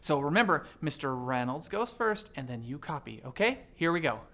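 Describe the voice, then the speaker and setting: A man's voice: on the high side, big pitch swings, normal speed. Male elementary music teacher, peppy, chants rhythms and counts in. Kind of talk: upbeat kids' music lesson.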